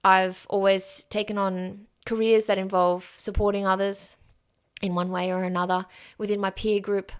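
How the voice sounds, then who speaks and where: A woman's voice: mid-range voice, level tone, moderate pace, clear, resonant tone. A woman hosting a solo podcast, talking frankly and emphatically and swearing freely. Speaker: podcast host. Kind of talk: candid solo podcast monologue.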